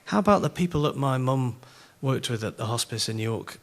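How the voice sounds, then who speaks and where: A middle-aged man with a Yorkshire accent, giving a sermon as a conference speaker and telling self-mocking stories in an animated way. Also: mid-range voice, fairly quick. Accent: Yorkshire English.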